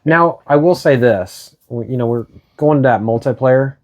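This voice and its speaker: A man co-hosts a relaxed video game discussion in a mid-range voice. He steers the conversation and often trips over and restarts his sentences. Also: mid-range voice, moderate pace. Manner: leads the talk, hesitant restarts. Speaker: co-host.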